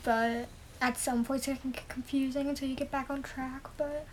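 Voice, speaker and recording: A woman co-hosting a casual movie review podcast, speaking in a soft-spoken, tentative way. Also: high voice, flat delivery, normal speed. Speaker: podcast co-host.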